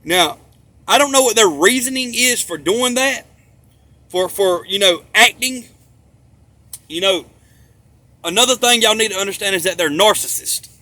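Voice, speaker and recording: A man with a high, bright, sharp-edged voice rambles through a monologue. He hammers his points home with profanity and repetition, returning again and again to the same phrases. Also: lively intonation, moderate pace, pauses often, no echo. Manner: emphatic, profane, repeats himself for stress.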